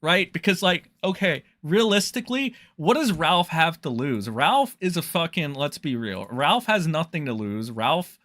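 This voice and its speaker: A man's voice: a little high, big pitch swings, measured pace, few pauses, a bit bright, dry recording, studio quality. A man ranting in a casual commentary, profane, scornful and rambling.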